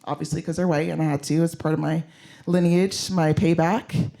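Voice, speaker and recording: A man's voice: a little high, flat delivery, normal speed, vocal fry, mellow. A man performing a live stand-up set in a blunt, self-mocking way, swearing freely and talking straight to the crowd. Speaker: stand-up comedian. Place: comedy show venue.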